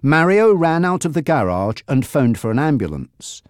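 A man narrating a graded reader audiobook, reading slowly and clearly. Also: on the high side, no room sound, studio quality. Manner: slow, clear, expressive reading.

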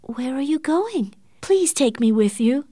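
Woman reader doing anxious young woman, high pleading voice, tearful, lively swings, dry close sound. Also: unhurried, no room sound.

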